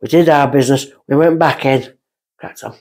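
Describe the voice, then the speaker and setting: Husky woman, middle aged, chatty medium telling stories, does little voices. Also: a bass voice, normal speed. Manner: animated, acts out voices in her stories. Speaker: guest medium. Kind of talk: casual storytelling chat.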